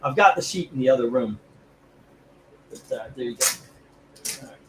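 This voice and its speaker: A man's voice: mid-range voice, expressive, moderate pace, background noise. A man hosting a live comic book auction stream, chatting casually and rambling with jokes, feeling sick from food poisoning. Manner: rambling, jokey, laughs easily.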